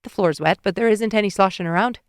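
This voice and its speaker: A woman's voice: medium pitch, fast talker, clear, resonant tone, no room sound, studio quality, natural voice. A woman voicing a terse, jealous man who mutters his short replies, in an audiobook. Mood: flat.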